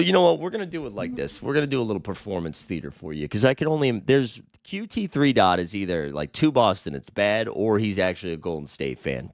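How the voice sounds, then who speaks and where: A man hosting a casual sports show, reading viewer comments and answering them bluntly and animatedly, a little hoarse. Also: fairly low pitch, no room sound, studio quality. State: slightly hoarse. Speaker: host.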